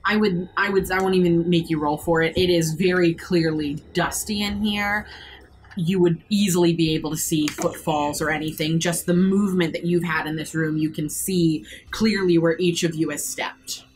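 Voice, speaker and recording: A woman acting as game master, narrating a horror tabletop game with measured, vivid scene description. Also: on the low side, fairly even intonation, a little hiss or hum, poor audio.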